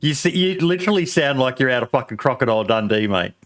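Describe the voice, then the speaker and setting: A man's voice: mid-range voice, lively intonation, fast, a bit bright. A man hosting a podcast, bantering casually and telling joking stories with plenty of swearing. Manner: joking storyteller. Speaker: podcast host.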